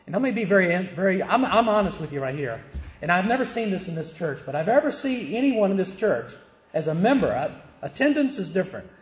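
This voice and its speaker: A man's voice: high-pitched, sing-song, brisk. A middle-aged man from the South, preaching a conversational sermon full of rhetorical questions. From American South. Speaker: pastor. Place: church. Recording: echoey church hall.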